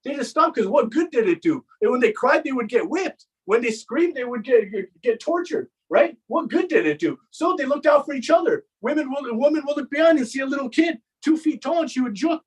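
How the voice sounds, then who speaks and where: Husky high-voiced man giving a mourning sermon. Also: animated, brisk, few pauses, low-quality recording. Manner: impassioned storytelling, repeats phrases for emphasis. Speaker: majlis speaker. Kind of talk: Muharram mourning sermon narration.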